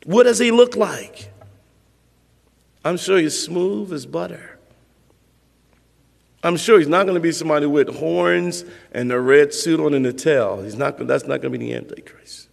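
A man's voice: fairly high pitch, normal speed, vocal fry, long pauses, long reverb tail. A male pastor preaching a sermon in a conversational way, repeating points for emphasis.

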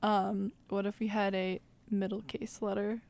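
A woman's voice: mid-range voice, little pitch movement, a little slow, vocal fry, darkish tone. A young woman co-hosting a casual talk show, giggly and rambling, searching for words. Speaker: co-host. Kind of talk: casual podcast chat. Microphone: studio microphone with pop filter.

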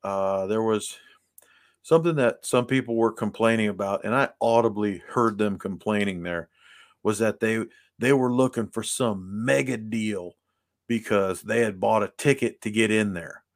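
A man's voice: on the low side, moderate pace. A man co-hosting a casual podcast chat, rambling through stories with many fillers. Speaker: podcast co-host.

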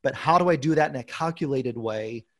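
A man in his forties hosting a podcast, telling a self-deprecating story in a lively way. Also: mid-range voice, brisk. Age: 40s. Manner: animated storyteller, self-deprecating, acts out quoted dialogue. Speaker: podcast host. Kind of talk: casual podcast chat.

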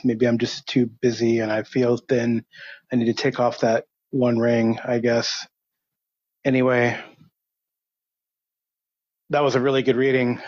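Friendly guy leaving a voicemail, pretty flat delivery, dry dull lo-fi sound. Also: mid-range voice, no echo. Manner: friendly, offhand. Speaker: caller, fellow podcaster. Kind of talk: voicemail call-in.

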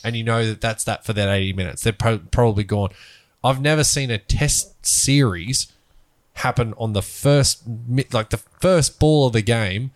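A man's voice: mid-range voice, normal speed. A man co-hosting a sports podcast, rambling and laughing as he talks. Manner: rambling, laughs often, trails off and restarts. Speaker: podcast co-host. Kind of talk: casual sports chat.

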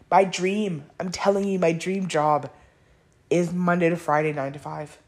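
A woman with a slightly low voice talks her way through a casual solo podcast. She is blunt and chatty, swears freely, fills her sentences with "like", and laughs often. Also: unhurried. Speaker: podcast host. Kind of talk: candid casual monologue.

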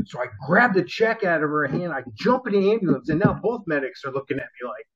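Profane storyteller on a laptop mic. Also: male voice, on the high side, fairly quick, hardly any pauses, lo-fi sound, background noise. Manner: animated, profane, acts out voices in his story. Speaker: former car salesman telling a story. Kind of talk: casual storytelling chat. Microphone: laptop built-in mic.

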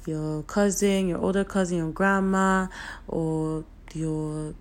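A woman's voice: on the low side, steady tone, slow. A woman from Nigeria, giving an earnest, emphatic motivational talk to her viewers, repeating her key points, her voice a little off today. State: voice a bit off today.

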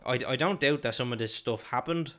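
A man's voice: mid-range voice, a little fast, a bit bright. A young man, co-hosting a podcast, rambling and swearing freely in casual chat. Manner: rambling, sweary, laughs often. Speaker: podcast co-host.

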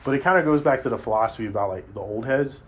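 A man's voice: medium pitch, very fast, breathy edge. Blunt, profane man in casual chat. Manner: profane, blunt, animated storytelling.

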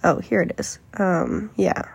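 Gravelly, husky-voiced woman reading casually. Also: on the low side, animated, measured pace. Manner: chatty, amused, laughs while reading, hesitant fillers. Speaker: podcast host. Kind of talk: casual podcast rant, reading an article aloud.

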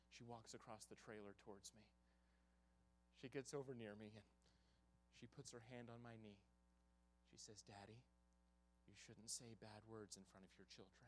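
A man who is a traveling evangelist, preaching a sermon in a church in a folksy storytelling way, with loud bursts and hushed stretches. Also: lowish voice, a little hiss or hum. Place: church sanctuary.

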